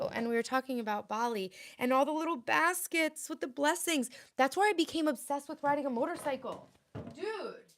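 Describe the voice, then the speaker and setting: A woman's voice: sits high, a bit bright, slight background noise. A woman in her thirties chatting playfully with viewers on a casual home livestream. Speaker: livestream host. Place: home, indoors.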